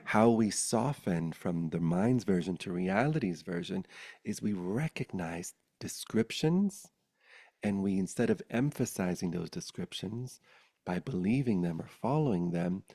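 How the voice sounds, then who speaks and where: Man, spiritual teacher, low gravelly voice, animated storyteller who drops to soft near-whispers. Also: measured pace. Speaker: spiritual teacher leading a satsang. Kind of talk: casual spiritual talk to a group.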